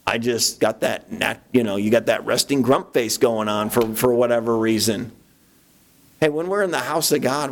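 A man preaching a sermon as pastor, talking conversationally with restarts and jumping into a high voice to act out his own thoughts. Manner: animated, acts out his own inner voice in sudden high bursts; conversational, with frequent restarts and "you know".

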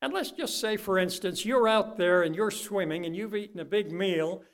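A man's voice: high-pitched, normal speed, few pauses. Older man preaching with folksy fervor. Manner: folksy storytelling preacher, swings from soft asides to loud impassioned peaks. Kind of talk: sermon.

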